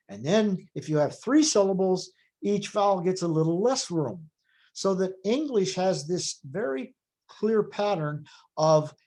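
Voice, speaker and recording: A middle-aged man lecturing in a recorded class, his voice sitting a little high for a man. He explains step by step in a measured, patient way, pausing on fillers and rephrasing himself as he goes. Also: a little mellow. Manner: measured explanatory delivery with frequent self-corrections. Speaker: phonology lecturer.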